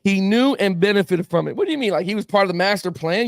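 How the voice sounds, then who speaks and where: A man hosting a laid-back sports talk stream, riffing on viewer comments and chuckling as he goes. His voice sits high with a gravelly rasp, recorded dry and close. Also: fast talker, few pauses, no echo. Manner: rambling, reacting to viewer comments with chuckles, lots of "man" and "bro". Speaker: sports talk show host. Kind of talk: casual sports talk livestream.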